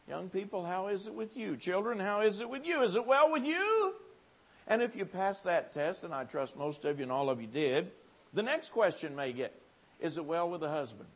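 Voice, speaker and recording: A man preaching a revival sermon in a church, with a somewhat high voice and a homespun, folksy way of talking. His voice swings widely, from quiet, close asides up to loud, high-pitched appeals. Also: expressive, moderate pace.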